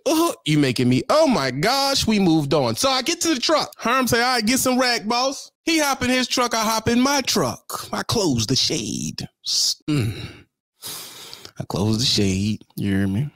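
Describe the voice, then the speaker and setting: A middle-aged man spins a comic trucker tale with a voice that leaps up and down as he goes. He sits a little high in pitch and talks in loose slang, talking straight to the viewer. The sound is dry, with no room echo. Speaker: truck driver telling a story. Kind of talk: comic storytime vlog.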